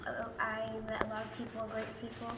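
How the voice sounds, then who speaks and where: A woman giving a hesitant personal testimony, halting with many fillers as she recounts what happened. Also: on the high side, completely flat delivery. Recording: roomy echo with faint noise.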